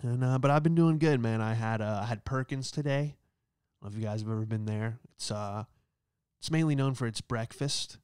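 A man's voice: medium pitch, brisk, darkish tone, clear, resonant tone, dry recording, clean studio sound. A male comedian hosting his own show, delivering a sarcastic, rambling stand-up monologue that keeps tossing in "all right?". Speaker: comedian host.

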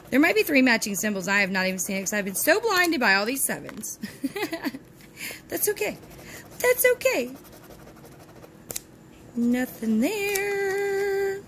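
Bright, lively woman vlogger. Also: sits high, slight background noise. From Texas. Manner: chatty and cheerful, chanting encouragement to herself. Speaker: host of a lottery scratch-off channel. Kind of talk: casual chat to viewers while scratching tickets. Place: at home, with dogs nearby.

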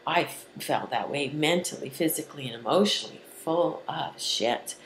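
A woman speaking as a spiritual healer in a casual vlog, earnest and rambling, often dropping into soft whispers. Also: low voice, animated, moderate pace, reverberant, slight background noise, poor audio.

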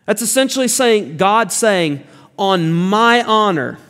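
High-voiced preacher in a reverberant hall. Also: male voice, expressive, slow pace, a bit bright. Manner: emphatic, repeats key phrases. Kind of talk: sermon. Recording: long reverb of a large hall.

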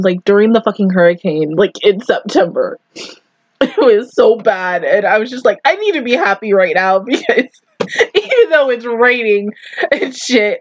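A woman's voice: fairly high pitch, muffled recording. A woman giving casual anime reaction commentary, gushing and swearing, teary and close to crying. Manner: gushing, emotional, swears often.

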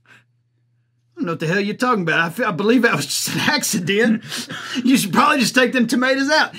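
A man's voice: sits high, lively intonation, a little fast, bright, forceful tone, breathy edge, exaggerated voice. A man playing a crude, blunt commentator with a drawl, laughing at his own jokes in an improvised comedy bit. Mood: crude ranting. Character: crude rural Southern man, blunt, loud-mouthed. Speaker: comic commentator persona.

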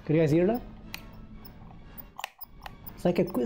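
A man's voice: high voice, animated, unhurried, dark tone. A man giving casual, profane commentary while playing a video game and reacting to it. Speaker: gameplay commentator. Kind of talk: casual let's-play commentary. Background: game music.

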